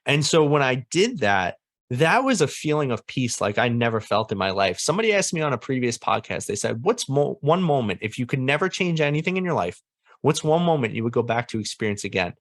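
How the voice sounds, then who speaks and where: A man's voice: mid-range voice, sing-song, a little fast, no room sound, clean studio sound. A young man as a podcast guest, telling a personal story earnestly and animatedly, laughing often.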